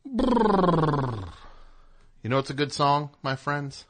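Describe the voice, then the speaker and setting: Speaking fairly quickly in a completely flat, mid-range voice with a slightly bright edge, a male radio host rambles through comedic talk. He digresses, chats and works in music plugs between his jokes.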